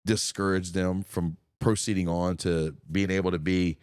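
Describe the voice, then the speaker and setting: A man's voice: low-pitched, level tone, moderate pace, darkish tone, smooth, dry recording, clean studio sound. A man hosting a casual podcast, talking in an emphatic, profane, ranting way. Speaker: podcast host.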